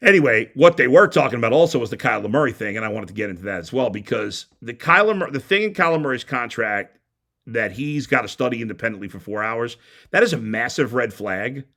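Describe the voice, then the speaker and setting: Speaking fast and animatedly, a sports talk show host rants bluntly and heatedly in a medium-pitched, creaky voice with a sharp tone. He often stumbles and restarts during this opinionated sports radio rant.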